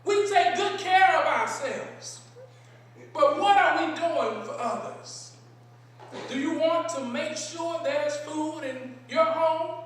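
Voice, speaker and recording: Preacher, sermon, rhetorical questions, high voice, distant mic, faint hiss. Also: slow, fairly bright tone. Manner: rhetorical questions, repeated phrases. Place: large synagogue sanctuary. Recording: echoey sanctuary from a distance.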